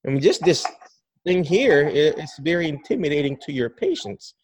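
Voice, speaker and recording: Animated man explaining dementia care. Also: fairly high pitch, normal speed, breathy edge, no room sound. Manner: animated, acts out caregiver greetings, many restarts. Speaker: dementia care educator, guest. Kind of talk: podcast interview.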